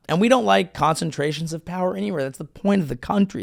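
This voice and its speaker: Man ranting sarcastically with gravelly voice. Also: sits high, quick pace, few pauses, no room sound, studio quality. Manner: sarcastic, animated, profane ranting. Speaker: comedian host. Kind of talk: comedic political monologue.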